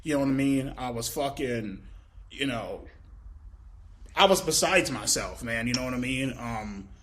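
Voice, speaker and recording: A man's voice: medium pitch, animated, unhurried, a bit bright. Rambling, foul-mouthed man. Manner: rambling, swears heavily, leans on "you know what I mean". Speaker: interviewee. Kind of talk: casual, profane interview answers.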